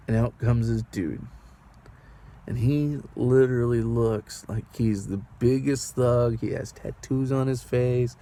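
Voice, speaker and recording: A man's voice: mid-range voice, dark tone. A man and rideshare driver telling a story in a casual vlog, rambling and anxious, often asking the viewer what they would do. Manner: rambling, anxious, asks the viewer rhetorical questions.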